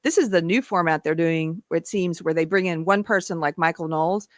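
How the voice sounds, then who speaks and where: A woman's voice: fairly low pitch, fairly quick, dry recording, studio quality. A woman from Texas hosting a live online panel, talking casually with many restarts and laughs. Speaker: host.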